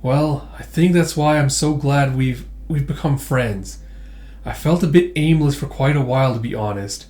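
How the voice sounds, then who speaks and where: A man's voice: medium pitch, normal speed, a little mellow, close to an everyday voice. A man voicing a lonely, awkward man who speaks hesitantly. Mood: shy. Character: lonely, shy man turning pushy. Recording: echoey room.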